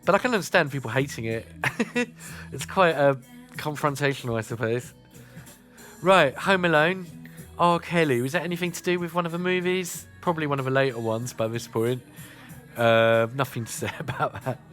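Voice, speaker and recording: Southern English male radio host, casual and chatty, mid-pitched voice, soft music underneath. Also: moderate pace. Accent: Southern English, Kent and Sussex. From South East England. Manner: chatty, many "uh" fillers.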